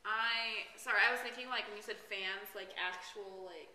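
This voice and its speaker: A woman chatting as a guest, describing her day in a relaxed, easily laughing way. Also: medium pitch, moderate pace. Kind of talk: casual chat. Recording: echoey room with faint noise.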